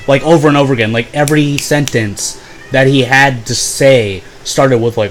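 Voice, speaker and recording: A man's voice: mid-range voice, moderate pace, a little hiss or hum. Profane young man telling a story. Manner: profane, rambling, filler-heavy; bursts into loud exaggerated impressions. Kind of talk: casual storytime.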